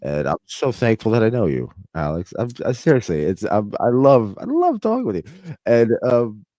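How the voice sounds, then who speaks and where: A man's voice: on the low side, sing-song, moderate pace, warm tone, no echo, studio quality. A man hosting a casual interview chat over a video call, gushing with thanks and enthusiasm. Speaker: podcast host.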